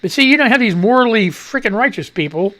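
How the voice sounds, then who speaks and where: A man's voice: high voice, lively intonation, fast talker, bright, forceful tone. A man hosting a radio show, reading news items and breaking off into crude, mocking asides. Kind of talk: casual news commentary.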